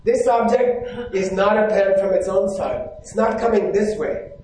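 A man's voice: sits high, measured pace, a little mellow, recorded from a distance. A man giving a live Buddhist teaching to an audience from a stage, often stopping to ask questions and check that they follow. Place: hall with a stage. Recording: very echoey hall.

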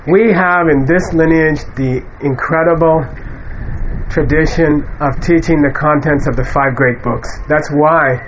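A man's voice: a little high, steady tone, measured pace. Man teaching a class, muffled recording. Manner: conversational, many fillers and asides. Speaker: Buddhist teacher. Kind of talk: informal dharma lecture to students. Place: lecture room with an audience. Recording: muffled lo-fi room recording with faint hiss.

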